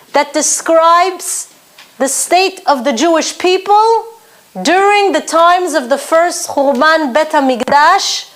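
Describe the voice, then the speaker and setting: Woman Torah teacher, earnest and emphatic, high voice, slow measured delivery. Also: a bit bright. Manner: earnest, emphatic teaching, dense with Hebrew terms. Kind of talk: Torah lesson for women.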